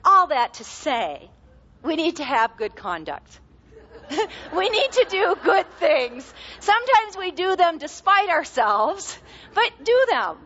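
Casting: middle-aged woman, high voice, lively Bible teacher who laughs and plays out anecdotes; slightly lo-fi tape. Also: takes it slowly, big-room sound. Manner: animated, laughing, acts out quotes in character. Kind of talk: conversational teaching talk. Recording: slightly dull, lo-fi recording.

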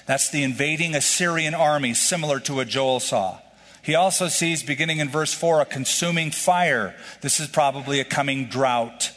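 A man's voice: a little high, normal speed, fairly bright tone. A male pastor giving an expository sermon with a slightly raised voice. He explains the verses conversationally, breaking off for asides to his listeners. His voice rings out with a long reverb from a large hall.

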